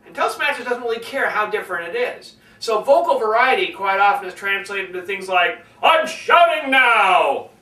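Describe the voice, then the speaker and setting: A man coaching public speaking in a lively lesson, demonstrating different tones of voice as he explains. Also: high voice, a little fast, hardly any pauses, echoey room, distant mic, low-quality recording. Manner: animated, demonstrates tones by acting them out.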